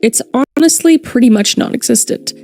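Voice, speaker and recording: Gravelly-voiced young woman reading Reddit. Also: a little high, fairly quick, darkish tone. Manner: rambling, self-deprecating, swears casually. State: unwell with a headache. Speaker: streamer reading Reddit posts. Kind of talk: casual chatty reading while gaming.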